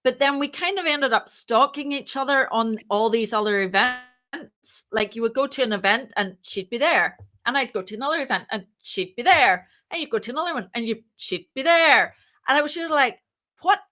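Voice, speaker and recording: A woman, a startup founder, telling her story as a podcast guest, lively and acting out the voices in her anecdotes. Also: a little high, moderate pace. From moved to Ireland. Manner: lively, acts out quoted dialogue. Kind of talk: casual interview storytelling.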